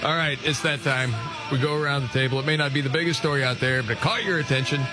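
A man hosting a casual panel chat, emphatic and opinionated, tossing in quick asides. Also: medium pitch, fairly even intonation, over music. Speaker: host.

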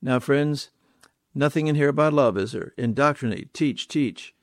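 Preacher, male, mid-pitched, dry close sound, emphatic with repeated words and rhetorical questions. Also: normal speed, dry recording. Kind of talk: sermon.

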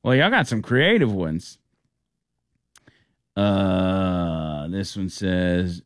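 A man's voice: deep voice, lively intonation, extremely slow, long pauses, no echo, studio quality. A man hosting a casual radio talk show, reading listener texts aloud with amused laughs.

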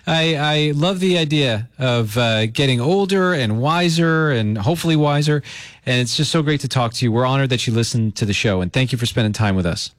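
Lively, upbeat radio host man. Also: mid-range voice, fairly quick, no echo, studio quality. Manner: upbeat and playful. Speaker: radio morning show host. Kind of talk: radio call-in banter.

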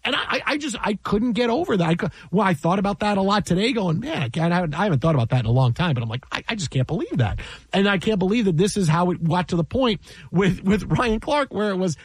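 A man's voice: high-pitched, animated, fast, slightly rough, no echo. A man who works in sports broadcasting tells a story in casual chat, exasperated, repeating himself and acting out what people said.

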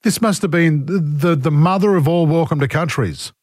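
Blunt Australian talk radio host. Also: male voice, fairly high pitch, moderate pace, darkish tone, no echo, studio quality. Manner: blunt, opinionated, indignant. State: has a cold. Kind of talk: talkback radio, reading listener texts. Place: radio studio.

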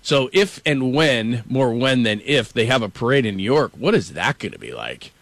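A middle-aged man talks sports in a loose, casual way, slipping into animated stories. His voice sits at an ordinary pitch for a man. The sound is dry and close, with no room around it. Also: moderate pace, no room sound. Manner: storytelling, animated, quotes people. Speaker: sports show host.

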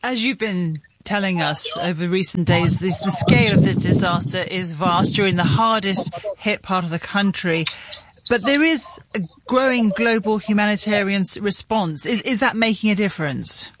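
A man presenting the news, reading reports in a measured, serious way and questioning a correspondent. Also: sits high, very noisy. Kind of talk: scripted news reading and interviewing.

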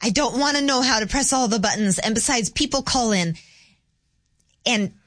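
A woman's voice: fairly high pitch, moderate pace, no echo. A woman guesting on her husband's call-in radio show, speaking bluntly and emphatically. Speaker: guest co-host, host's wife. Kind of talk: casual radio chat. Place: radio studio. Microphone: studio mic.

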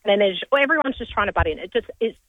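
A woman's voice: medium pitch, animated, racing, dry recording. A woman with a cold calls a radio show to vent. She sounds exasperated, and her voice comes through a tinny phone line with a dry sound. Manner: exasperated ranting. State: has a cold. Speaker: caller.

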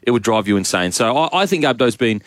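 A man's voice: medium pitch, expressive, quick pace, dry recording, studio quality. A man talking casually on a sports chat, hesitating a lot.

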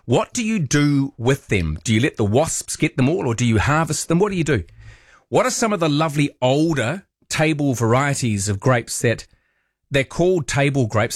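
A man's voice: medium pitch, expressive, moderate pace, dry recording, studio quality. A man hosting late-night call-in talk radio, chatty and playful with jokey asides. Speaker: radio host.

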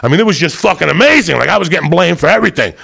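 A man doing stand-up, telling a loud, profane, rambunctious story. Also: fairly high pitch, animated, very fast, gravelly, slightly rough. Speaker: stand-up comedian.

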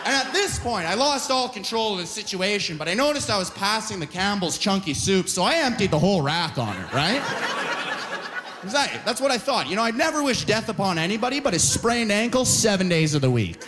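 Animated male stand-up comic. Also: high-pitched, fairly quick, crowd noise. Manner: animated, tags lines with "right?" and "you know?". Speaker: stand-up comedian. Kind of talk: stand-up comedy set. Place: live venue with an audience.

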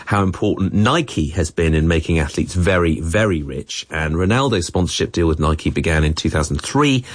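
A man co-hosting a talk podcast, explaining things in a relaxed storytelling way with small asides. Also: low-pitched, normal speed, no room sound, clean studio sound. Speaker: podcast co-host. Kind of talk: conversational explainer.

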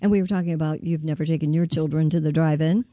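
A woman's voice: low-pitched, fairly even intonation, quick pace, mellow, dry recording. A woman co-hosting a casual radio show, chatting and reading out short news items. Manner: chatty, reads items aloud.

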